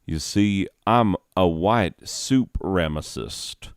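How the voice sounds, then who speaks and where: A young man telling a rambling comic story, deadpan, with lots of asides and fillers. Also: sits low, takes it slowly, smooth, no echo, clean studio sound. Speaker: comedian.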